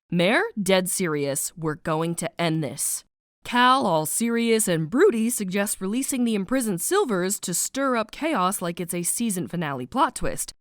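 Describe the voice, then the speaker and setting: Woman narrator, snarky book summary, playful, sarcastic, animated pitch, dry recording. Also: no echo. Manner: playful, sarcastic, full of slang asides and sound effects.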